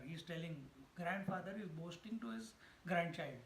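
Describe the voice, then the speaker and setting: A man's voice: on the high side, normal speed, a bit bright, slight background noise. Man, spiritual discourse, storytelling, roomy echo. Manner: chants verses, then explains with stories and laughs. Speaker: swami giving a scripture talk.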